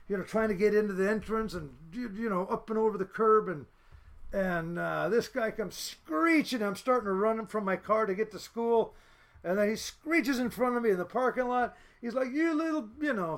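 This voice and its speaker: A fishing boat captain in his fifties from the United States tells blunt, salty, rambling stories as a podcast guest. His voice is high and a bit bright.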